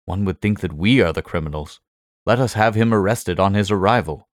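An earnest, loyal middle-aged doctor, as a man voices him, answers in short, easily alarmed exclamations. His voice is low and the recording dry and close. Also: fairly quick, dry recording, lightly acted. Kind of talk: audiobook character voice.

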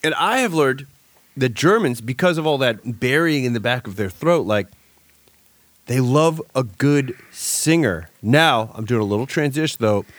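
A man in casual podcast chat, animated and slangy, laughing through his stories. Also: medium pitch, moderate pace, no echo.

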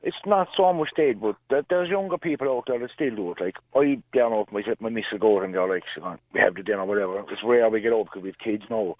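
A man's voice: on the low side, fast talker, hardly any pauses, dry recording. An Irish man in his late forties, calling in to a radio show and rambling through stories. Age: 40s. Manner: rambling anecdotes. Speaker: caller. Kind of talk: phone-in call. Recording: tinny phone line.

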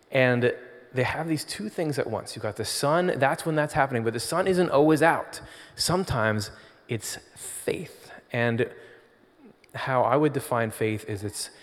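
A man giving an informal sermon, talking in a conversational, pausing storytelling way, with long hall reverb. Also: mid-range voice. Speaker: spiritual speaker.

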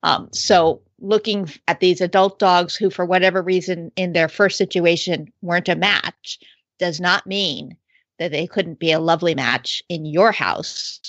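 A woman's voice: on the low side, measured pace, fairly bright tone, dry recording. A woman chatting casually in a thoughtful, explanatory way. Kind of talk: casual podcast chat. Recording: dry, slightly dull lo-fi sound.

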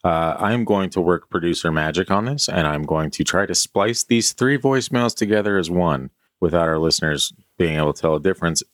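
Very deep-voiced male podcast producer. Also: animated, brisk, hardly any pauses, fairly bright tone, no room sound, clean studio sound. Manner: wry, joking asides. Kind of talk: casual podcast chat.

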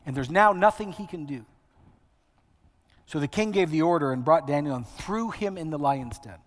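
A man's voice: fairly high pitch, expressive, normal speed. A male preacher delivering a sermon in a conversational, wry way, building emphasis through repetition. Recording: long hall reverb.

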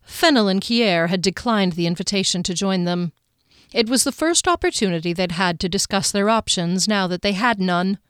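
Female audiobook narrator, fantasy, measured delivery, dry close sound. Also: medium pitch, clean tone, no room sound.

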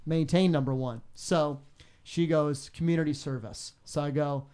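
A man's voice: normal speed, smooth. A man who works as a radio DJ, telling stories in a casual interview and acting out callers with big jumps in his voice. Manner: animated, acts out callers with big pitch jumps.

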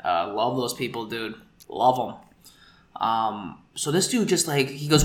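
A man's voice: medium pitch, moderate pace, echoey room. A man co-hosting a podcast, telling a story in casual chat and acting out the people in it. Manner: animated, acts out quoted people.

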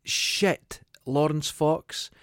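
A man's voice: fairly high pitch, drawn-out words, a bit bright, clean tone, dry recording. Dry-witted Scottish man, close dry sound. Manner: dry, wry asides, laughs along. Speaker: podcast co-host. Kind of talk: casual chat.

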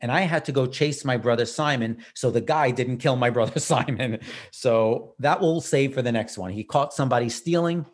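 Man telling a story, self-mocking. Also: mid-range voice. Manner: animated, self-mocking storyteller with quick bursts. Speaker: podcast host. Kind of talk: casual storytelling.

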